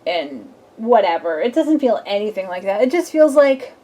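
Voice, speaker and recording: A woman's voice: mid-range voice, very animated, normal speed, dark tone. A young adult woman, a tarot reader, chatting casually and playfully through a weekend reading and acting out little scenes.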